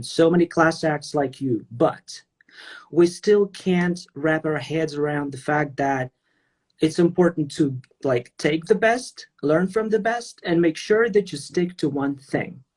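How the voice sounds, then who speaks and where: A man's voice: on the high side, a little mellow. A man with a Russian accent hosting a livestream interview, chatty and full of questions. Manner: chatty, questioning, laughs easily. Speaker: host.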